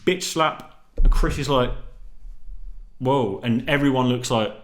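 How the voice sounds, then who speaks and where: Brief: young man, casual solo vlog, rambling and slangy, mid-pitched. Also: normal speed, noisy background. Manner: rambling and slangy, full of restarts and swearing. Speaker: vlogger.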